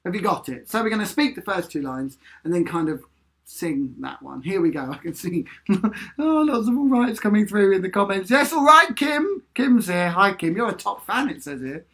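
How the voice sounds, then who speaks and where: A man's voice: sits high, lively intonation, moderate pace, bright, forceful tone. A man leading an online sing-along as a musician. He is upbeat and chatty, reads out viewer comments and counts in the beats. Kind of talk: chatty live-stream singing lesson.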